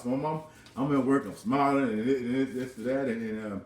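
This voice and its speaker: A man's voice: medium pitch, a little fast, darkish tone, far from the mic. A man in his thirties casually telling a personal story at home, rambling and repeating words with frequent chuckles. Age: 30s. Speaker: vlogger. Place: his own house. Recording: roomy sound from off-mic.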